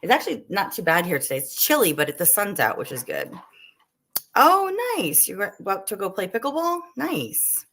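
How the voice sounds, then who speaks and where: A woman's voice: medium pitch, big pitch swings, fairly quick, vocal fry, hardly any pauses, a bit bright, slight background noise. A woman hosting a casual livestream while she cooks at home, chatting with viewers and her dogs and still coughing a little. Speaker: livestream host. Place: home kitchen. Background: dogs barking.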